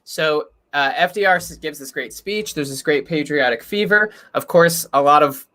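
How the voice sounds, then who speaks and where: A young man hosting a history podcast in casual, excitable chat, talking quickly and often laughing. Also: on the high side. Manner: quick, excitable, breaks into laughs and loud yells. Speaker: podcast host.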